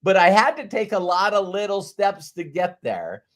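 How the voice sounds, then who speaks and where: Man, casual storyteller, rambling, laughs easily, repeats words, slightly high voice. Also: very animated, moderate pace, a bit bright. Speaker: host telling his career story.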